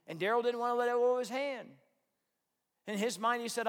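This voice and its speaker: A man preaching a sermon, telling a story with earnest, animated delivery. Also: very high voice, fast, long pauses, clear, resonant tone. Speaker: pastor. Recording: long hall reverb.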